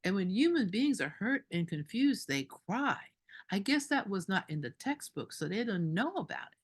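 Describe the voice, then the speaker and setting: A woman doula telling a story at a group meeting, animated and indignant, laughing between lines. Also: medium pitch, normal speed, slightly rough.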